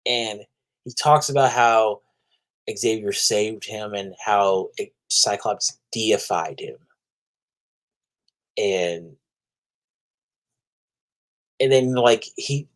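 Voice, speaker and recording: A man hosting a casual comic book review vlog, rambling and restarting often, trash-talking with crude language and laughing at his own jokes. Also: mid-range voice. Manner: animated, profane trash talk with laughter; rambling with frequent restarts and fillers. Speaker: comic book video host.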